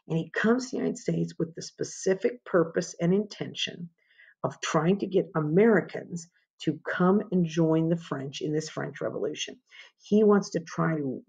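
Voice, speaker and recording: A woman's voice: on the low side, vocal fry, darkish tone, slightly rough, highs cut off. A woman teaching a history lesson in an informal, conversational way, asking rhetorical questions as she goes. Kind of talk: informal classroom lecture.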